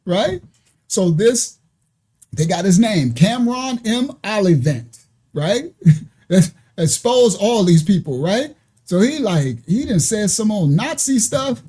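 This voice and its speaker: A man's voice: high voice, very animated, slow pace, mellow, slightly rough. A man hosting a ministry channel, talking through a case in casual commentary, laughing often and stumbling over repeated words.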